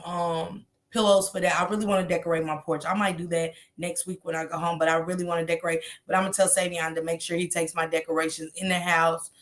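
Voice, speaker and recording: A woman hosting a casual livestream, chatting loosely with her viewers and reading their comments out loud. She talks in a slangy, salty way, swears freely and laughs often. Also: fairly low pitch. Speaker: livestream host.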